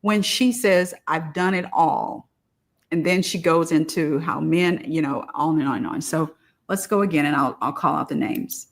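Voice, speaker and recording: A woman's voice: low-pitched, normal speed, vocal fry. A woman host casually walks viewers through a clip she is about to replay. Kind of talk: explaining a played clip to viewers.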